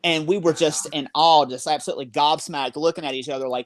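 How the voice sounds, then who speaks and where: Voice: mid-range voice, fairly even intonation, fast, no echo. A paranormal investigator telling a story on a casual podcast, rambling along with many fillers.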